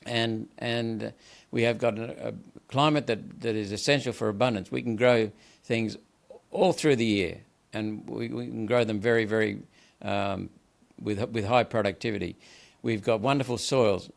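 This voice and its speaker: This older Australian man speaks in a rough, gravelly voice. He pushes his arguments with heavy emphasis, stumbles into repeated words, and keeps going without a break. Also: lowish voice, steady tone, moderate pace. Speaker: senator, guest. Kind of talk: impassioned political interview.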